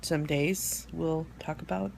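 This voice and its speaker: Gravelly-voiced woman hosting a live stream. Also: low-pitched, steady tone, slight background noise. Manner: rambling, halting, with many fillers and restarts; soft and heartfelt, near tears at times. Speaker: host of an online support group. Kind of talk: casual live-stream talk. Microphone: phone or webcam for a live stream.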